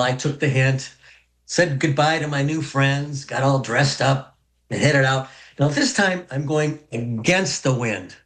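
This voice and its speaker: Folksy man telling a funny story. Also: medium pitch. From North Dakota. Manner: folksy, humorous, animated pacing. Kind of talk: personal story told to an audience.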